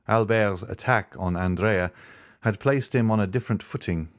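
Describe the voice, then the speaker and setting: A man narrating an audiobook in a measured, dramatic reading style. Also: low voice, no echo, studio quality. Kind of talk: scripted narration.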